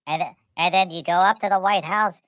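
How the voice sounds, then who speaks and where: Rambling woman with a lowish voice. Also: steady tone, moderate pace, dry recording, low-quality recording. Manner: rambling, repeats words and restarts, acts out the people in her stories. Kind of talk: rambling comic storytelling.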